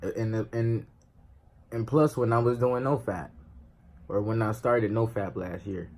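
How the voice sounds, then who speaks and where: A man's voice: fairly low pitch, fairly even intonation, unhurried, a little mellow. A young man vlogging to camera in a loose, slangy, emphatic way, swearing freely. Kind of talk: casual talk to camera.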